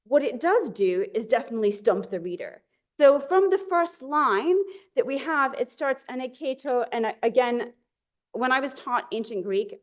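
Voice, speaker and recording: A woman's voice: fairly high pitch, darkish tone. A woman giving an academic lecture in a chatty, self-deprecating way, with frequent fillers and restarts.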